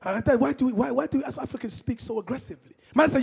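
A young man from Congo doing a stand-up comedy set, energetic, shouting punchlines and acting out his parents. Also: very high voice, rapid-fire, creaky, slightly rough. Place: comedy concert stage. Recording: live show in a hall with long reverb.

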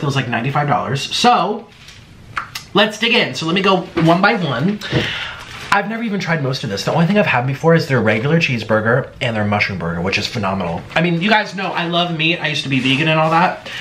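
Man, excitable eating-show host, lively swooping voice, bright tone, echoey room with faint background noise. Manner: hyper and excitable, swooping pitch. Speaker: mukbang host. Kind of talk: casual eating-show chat to camera. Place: home in Florida.

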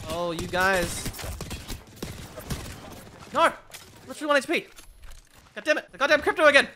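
Casting note: a high-pitched, sharp-voiced woman who gives excitable gameplay commentary and trash-talks with a playful edge. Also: moderate pace, pauses often, a little hiss or hum. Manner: excitable, swears often, playful in-character boasting. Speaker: gaming video creator.

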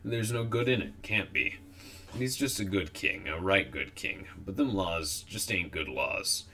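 A man's voice: low voice, expressive, moderate pace, pushed and bright. A man voicing a grumbling old female squirrel who rambles in folksy dialect. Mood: firm.

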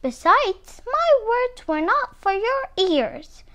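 A woman's voice: extremely high pitch, big pitch swings, slow, a bit bright, voice pushed up, exaggerated voice. A woman voicing an indignant little muskrat who shrieks her complaints in a storybook reading.

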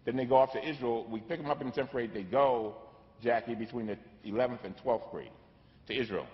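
Male keynote speaker, mid-pitched, preacher-like repetition, recorded lo-fi in a reverberant hall. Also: brisk. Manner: preacher-like cadence with emphatic repetition. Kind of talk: keynote speech. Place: large conference hall. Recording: echoey hall, dull lo-fi sound.

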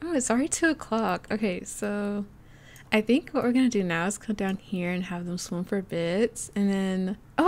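Excitable woman doing let's play commentary, super chatty, laughs a lot. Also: medium pitch. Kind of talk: casual gameplay commentary.

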